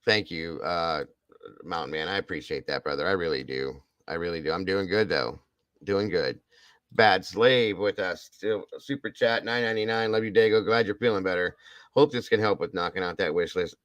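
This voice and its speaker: A man's voice: low-pitched, moderate pace, fairly bright tone, smooth, no room sound. A man hosting a livestream in casual chat, emotionally and effusively thanking his viewers and repeating his praise. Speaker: livestream host.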